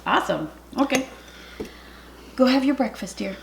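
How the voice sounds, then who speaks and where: A woman hosting a casual home cooking video, chatty and excitable, talking straight to her viewers. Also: sits high, normal speed, creaky, very noisy. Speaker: cooking vlogger. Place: home kitchen.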